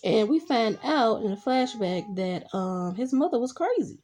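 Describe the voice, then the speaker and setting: A woman's voice: on the high side, expressive, measured pace, a little mellow. A young adult woman chatting casually as she recaps TV episodes, adding her own reactions along the way. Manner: chatty retelling full of "I'm like" reaction asides. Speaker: TV show reviewer.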